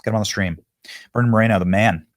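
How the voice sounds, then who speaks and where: A man hosting a political commentary show, talking emphatically and mockingly, with sudden loud outbursts. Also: lowish voice, fast, no room sound.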